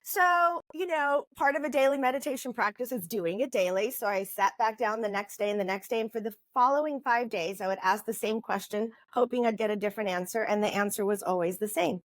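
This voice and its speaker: Animated storytelling woman in her fifties. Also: fairly high pitch, fairly quick, few pauses, no echo. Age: 50s. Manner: animated storyteller, frequent "you know". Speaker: guest author. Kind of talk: casual interview chat.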